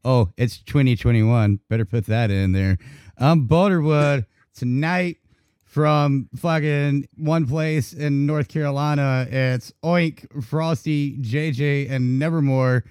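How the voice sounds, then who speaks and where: A man's voice: mid-range voice, slow, clean tone, no echo, studio quality. A man hosting an online talk radio show, chatting casually and swearing freely. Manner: profane, relaxed banter.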